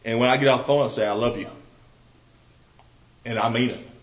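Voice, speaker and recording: A man with a Southern US accent preaching a sermon to a congregation, earnest, often restarting phrases, swinging between loud emphasis and soft, intimate asides. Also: medium pitch, fairly even intonation, racing, poor audio.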